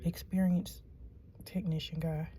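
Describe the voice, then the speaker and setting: A woman tells a rambling story to her viewers from her car, dropping to a hush and then rising to loud, excited disbelief. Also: lowish voice. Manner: excitable, rambling, quick to swing between hushed and loud. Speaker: vlogger. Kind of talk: casual storytelling to camera. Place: in a car at a shop, then parked.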